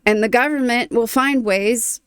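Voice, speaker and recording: A woman's voice: a little high, measured pace, fairly bright tone, clean tone, no room sound. A woman hosting a reaction video, talking casually, moved and thoughtful, often trailing off.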